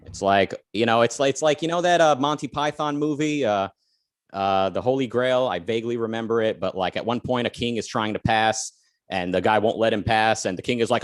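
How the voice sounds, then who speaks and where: A man's voice: medium pitch, brisk, no echo, clean studio sound. An American man co-hosting a talk show, chatting casually with many fillers and restarts and reading out viewer comments. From United States. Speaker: podcast co-host.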